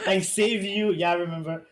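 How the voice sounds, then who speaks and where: Higher-voiced man, casual interview answers. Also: poor audio. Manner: rambling, searches for English words. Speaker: esports player being interviewed.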